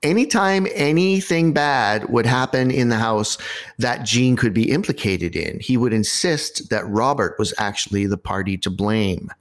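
A man hosting a podcast, telling a story in a casual, animated way with wry asides. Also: medium pitch, measured pace.

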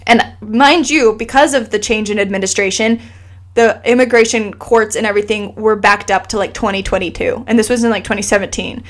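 A woman's voice: mid-range voice, fairly quick. A woman in her thirties, a guest telling a personal story in casual conversation, earnest and emotional, acting out what others said. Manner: animated, quotes others in lively asides.

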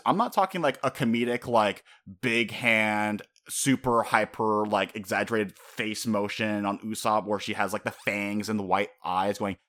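Rambling low-voiced man reviewing a film. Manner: rambling and animated, heavy use of "like" fillers. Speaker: podcast host reviewing an anime film. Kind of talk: casual spoken film review.

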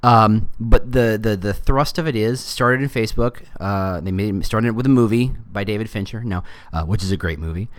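A middle-aged man with a lowish voice hosts a casual solo podcast, speaking animatedly with joking asides and quick put-on voices when quoting.

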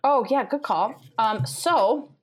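A woman's voice: fairly high pitch, expressive, slow pace. A woman co-hosting a podcast in casual chat over drinks, chatty and meandering, trailing off and restarting with light laughs. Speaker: podcast co-host.

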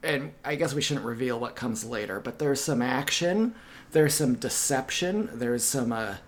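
A man co-hosting a podcast, chatting casually about a TV episode and throwing in deadpan jokes. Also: mid-range voice, normal speed. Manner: deadpan jokey asides. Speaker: podcast co-host. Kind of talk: casual chat recapping a TV episode.

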